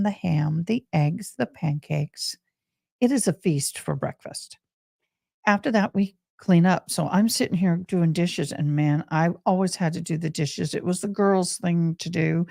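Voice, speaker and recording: A woman's voice: fairly low pitch, gravelly, no room sound. Gal with a drawl chatting away to her stream, dry close sound. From Texas, USA. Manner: chatty, animated, talks to viewers as y'all. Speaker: livestream host. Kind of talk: casual storytelling to live chat.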